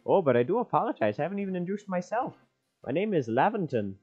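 A man voices a genteel middle-aged professor from a game, all fussy propriety and theatrical politeness. The voice sits high and bouncy with plenty of push. The sound is muffled and lo-fi. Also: big pitch swings, fast talker, darkish tone, slightly rough, soft background music, full character voice. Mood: polite. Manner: theatrical, overly proper and polite. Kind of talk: improvised dubbing of game dialogue.

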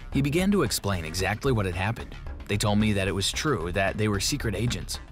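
A man giving scripted first-person narration of an animated story in a plain, steady telling. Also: lowish voice, fairly quick. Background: background music.

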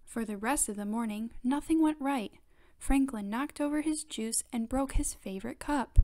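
A woman reads a children's picture book aloud in clear, expressive storytelling. Her voice sits a little high. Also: moderate pace.

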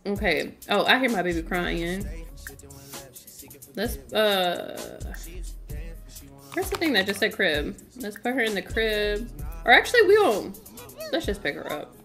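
A woman's voice: medium pitch, big pitch swings, unhurried, long pauses, fairly bright tone, faint music behind. A woman streaming a game in casual, chatty commentary, laughing often and talking to her chat.

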